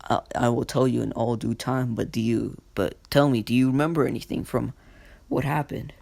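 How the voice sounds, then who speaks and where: A man reading a calm head nurse. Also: medium pitch, normal speed, gravelly, dry recording. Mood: gentle.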